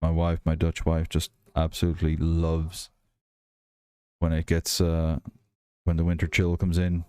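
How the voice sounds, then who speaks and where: Man, softened Irish accent, deep dark voice, casual stream chat, relaxed and rambling. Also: measured pace, clear, resonant tone, dry recording. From Ireland. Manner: rambling, relaxed, many fillers and restarts. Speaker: livestream host. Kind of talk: casual chat while building and reading chat.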